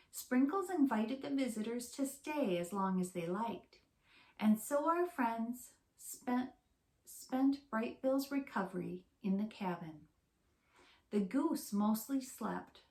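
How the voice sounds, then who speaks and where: A woman teacher reading a storybook aloud to young children in a slow, clear, expressive way. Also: on the high side. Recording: roomy echo.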